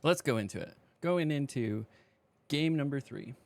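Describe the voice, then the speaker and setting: Gravelly man chatting over a card game. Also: medium pitch, lively intonation, moderate pace, a little mellow. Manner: chatty, talks while eating. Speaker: streamer playing a card game. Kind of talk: casual gameplay commentary. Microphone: desk microphone.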